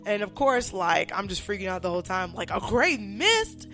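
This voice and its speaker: A woman's voice: lowish voice, brisk, soft background music. Woman, young adult, podcast host, a little drunk, laughing, profane, casual chat. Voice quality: loud, laughing, swears freely.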